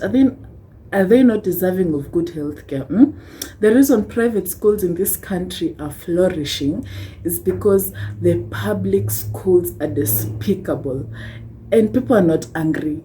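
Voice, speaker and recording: A woman's voice: fairly low pitch, mellow, a little hiss or hum, rough recording. Impassioned young Kenyan woman ranting. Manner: impassioned, rhetorical, tags lines with "hmm?" and wry laughs. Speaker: vlogger. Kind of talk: ranting vlog.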